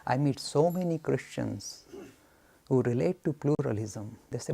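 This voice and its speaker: Gravelly, animated male lecturer. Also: mid-range voice, a little slow. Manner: emphatic, animated, telling anecdotes. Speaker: speaker on Hinduism. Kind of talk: lecture answering audience questions.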